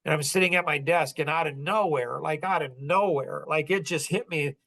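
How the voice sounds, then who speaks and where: Man in his 60s, fairly high voice, earnest, rambling, casual reflective podcast talk. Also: normal speed, gravelly, sharp tone. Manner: earnest, rambling, heavy use of "like". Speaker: podcast host.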